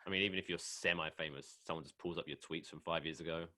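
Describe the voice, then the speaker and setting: A man's voice: rumbling low, steady tone, fast, pushed and bright, no echo, studio quality. An Englishman with an Essex accent co-hosting a podcast, laid-back and swearing freely in casual chat. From England. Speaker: podcast co-host.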